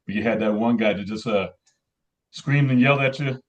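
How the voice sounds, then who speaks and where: A man on a podcast talking haltingly, repeating words and filling pauses with uh while he tells about peer support calls. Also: fairly low pitch, slight background noise. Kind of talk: casual podcast chat. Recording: muffled, dull-sounding mic.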